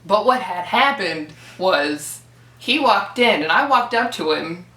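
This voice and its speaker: A young woman telling a story casually, animated and swearing freely as she acts out what people said. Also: medium pitch, slow. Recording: echoey room, from a distance.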